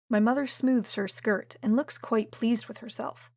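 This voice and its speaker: A woman reading a first-person romance audiobook in a steady, even way. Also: mid-range voice, unhurried, no echo, studio quality. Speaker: audiobook narrator.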